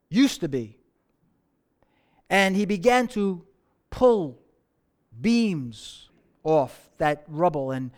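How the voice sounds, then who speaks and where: A man preaching a sermon, telling a story with slow dramatic pauses and dropping to soft tones. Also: sits high, smooth.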